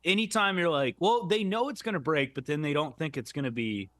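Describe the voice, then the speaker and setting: A man in his twenties, a podcast co-host, telling a comedic story in a casual, animated way and laughing as he goes. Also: a little high, a little fast, no room sound, studio quality. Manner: animated, laughs through his story, drops into a gruff growl for quoted lines. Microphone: close podcast mic.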